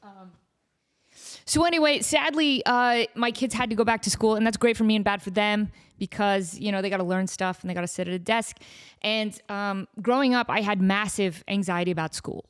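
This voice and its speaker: Chatty animated woman. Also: normal speed, smooth. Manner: chatty and animated, acts out dialogue with big jumps in pitch. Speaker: podcast host. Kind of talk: casual solo chat.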